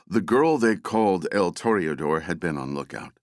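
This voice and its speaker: A man narrating an action novel as an audiobook, dramatic and expressive. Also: deep voice, moderate pace, no echo, studio quality. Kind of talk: scripted narration.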